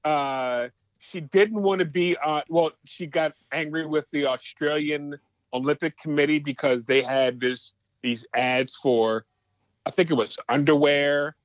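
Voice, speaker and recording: A man's voice: on the high side, fairly even intonation, a little slow, no room sound. Wry male co-host on a dull line. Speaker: podcast co-host. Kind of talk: casual chat.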